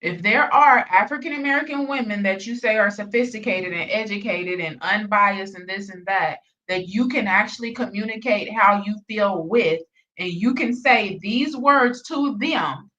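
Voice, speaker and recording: A woman's voice: mid-range voice, normal speed, sharp tone, recorded from a distance, highs cut off. A woman hosting a reaction channel, ranting bluntly with heavy profanity and repeated emphasis. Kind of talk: reaction commentary rant.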